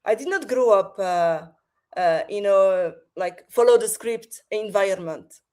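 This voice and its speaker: French-accented woman, halting and thoughtful. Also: medium pitch, darkish tone. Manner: hesitant, many fillers and restarts. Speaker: podcast guest. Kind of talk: remote interview.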